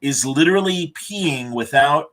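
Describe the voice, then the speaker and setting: Host guy, bright voice, excited storyteller, stumbles and restarts a lot. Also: fairly high pitch, measured pace. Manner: enthusiastic storyteller, hesitant restarts. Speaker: podcast host. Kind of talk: casual chat.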